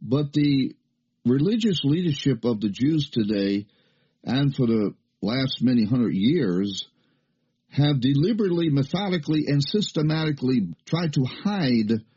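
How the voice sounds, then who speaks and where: A man's voice: medium pitch, lively intonation, a little slow, warm tone, slightly rough. An older man preaching a sermon in an emphatic, folksy way, with fillers and rising questions. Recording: muffled lo-fi recording.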